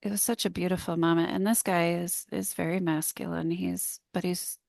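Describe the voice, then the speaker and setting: Gravelly low-voiced woman telling a story. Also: little pitch movement, moderate pace, darkish tone, dry recording, clean studio sound. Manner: earnest, heartfelt storytelling. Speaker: business coach guest; public speaker. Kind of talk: casual podcast conversation.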